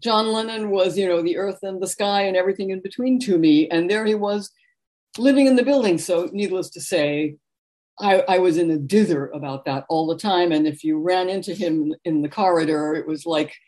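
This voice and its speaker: Lively storytelling woman, slightly low voice. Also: moderate pace. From New York, USA. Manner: animated anecdotal storytelling with laughter. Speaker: author and guest. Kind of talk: conversational interview storytelling.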